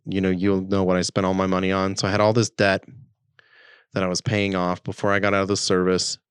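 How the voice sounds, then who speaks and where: A man's voice: on the low side, clean tone, no room sound, studio quality. A man co-hosting a podcast, telling a story in casual chat and acting out the quotes with animation. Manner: animated, acts out quoted speech. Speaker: podcast co-host.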